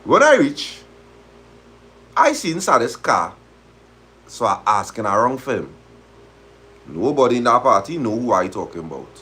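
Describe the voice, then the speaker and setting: A man's voice: mid-range voice, sing-song, unhurried, long pauses, bright, forceful tone, slightly rough. A man hosting a live stream, reading a story aloud in dialect and reacting to it animatedly. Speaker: host of a live talk stream.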